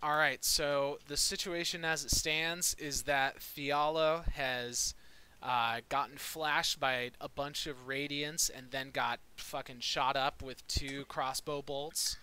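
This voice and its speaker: A man's voice: mid-range voice, fairly even intonation, slow pace, pushed and bright, clean tone. A man running a tabletop game as dungeon master, narrating combat in a casual, rambling way. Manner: casual, rambling, with fillers and restarts.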